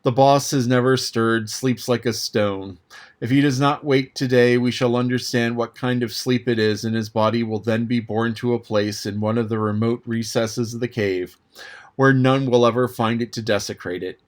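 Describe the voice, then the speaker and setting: A man's voice: mid-range voice, fairly even intonation, moderate pace. Man reading a classic novel aloud. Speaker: audiobook reader. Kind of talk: scripted narration.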